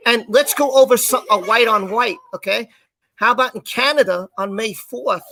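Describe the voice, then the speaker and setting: A man co-hosting a live stream, casually telling a personal story in an animated way and acting out the quoted lines. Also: very high-pitched.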